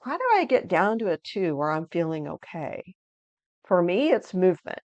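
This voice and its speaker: A woman presenting a video lesson on understanding emotions, with an energetic, inviting teaching tone. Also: on the low side, moderate pace, dry recording, dull audio. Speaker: resilience educator.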